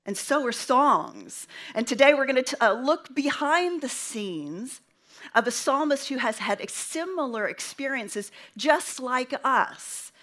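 Woman preacher, sermon delivery: slow and deliberate, pitched a little high, leans into each phrase with pauses. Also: expressive, a bit bright. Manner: invites the congregation to respond.

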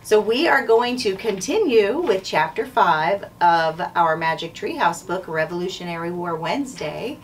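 A woman school principal reading a children's chapter book aloud in a clear, measured way. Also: fairly low pitch, lively intonation. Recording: distant mic, faint background noise.

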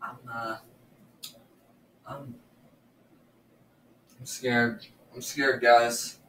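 A man's voice: medium pitch, level tone, very slow, a bit bright, a little hiss or hum. A man doing casual reaction commentary at home, nervous and stammering, repeating himself. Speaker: gaming YouTuber reacting to videos. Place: room at home. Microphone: laptop or earbuds mic. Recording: roomy, distant from the mic.

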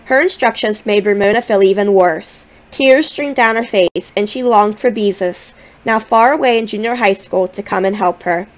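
A woman reading a children's novel aloud in a gentle, expressive storytelling manner. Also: medium pitch, normal speed, dull audio. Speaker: audiobook reader.

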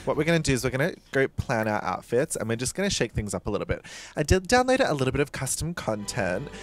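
Drag queen let's-play host, man, unhurried but wildly swooping delivery, gasps and squeals, casual swearing, faint game music behind. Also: medium pitch, sing-song, dry recording. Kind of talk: casual gameplay commentary.

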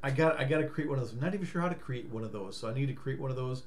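A man's voice: mid-range voice, expressive, very fast. A tired man vlogging in a rambling, stammering way, breaking into silly sing-song riffs. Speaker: life coach vlogger. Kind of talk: rambling casual vlog.

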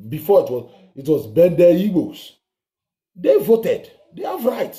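Scornful ranting man, lively pitch. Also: a little slow. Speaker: vlogger. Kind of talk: heated political commentary. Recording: roomy echo.

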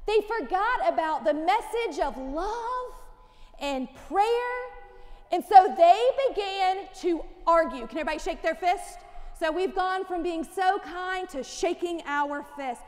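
A woman pastor leads a children's sermon in a very high, bright voice, taking her time over each phrase. She is animated and coaxing as she draws the kids into gestures. Her voice rings with the long reverb of a church sanctuary. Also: a little slow.

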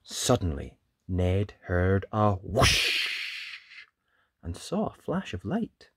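Male read-aloud narrator, leisurely and very expressive, dry close mic. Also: slow, husky, dry recording. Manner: lively sing-song storytelling, big swoops in pitch. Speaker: storybook reader. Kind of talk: read-aloud picture book in rhyme.

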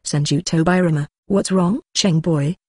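A flat text-to-speech voice reading the lines of a hot-tempered male ninja elder, with no change of tone for the character. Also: mid-range voice, normal speed, breathy edge, dry recording, clean studio sound, close to an everyday voice. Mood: angry.

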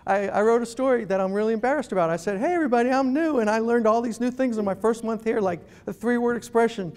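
A middle-aged man giving an animated, self-deprecating humorous talk as a guest speaker. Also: extremely high pitch, fast talker, gravelly. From New York City. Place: event room.

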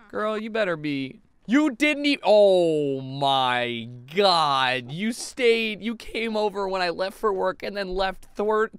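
A young man giving casual, swearing let's-play commentary on a life-sim game, excitable and given to shouting at the screen. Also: sits high. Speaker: gaming video host.

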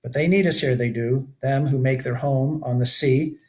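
A man's voice: medium pitch, steady tone, moderate pace, a little mellow, lightly acted. A man reading aloud and voicing a weary, rugged older male keeper of a shipwreck shelter who talks in a folksy, lamenting way. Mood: somber. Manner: folksy backwoods grammar, lamenting.

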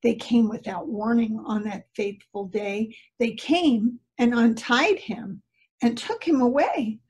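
A woman reading a rhyming story aloud at a church service, slow and expressive. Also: a little high, slightly rough, low-quality recording.

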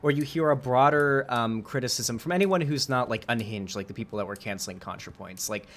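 A man's voice: mid-range voice, a little fast, a bit bright. A man hosting a casual debate with a viewer, talking in a rambling way with many fillers and restarts. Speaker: host.

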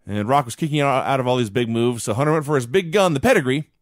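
Wry and full of storytelling, a podcast co-host talks casually through a recap of an old wrestling show. He speaks quickly in a mid-range voice. The recording is clean studio sound with no echo.

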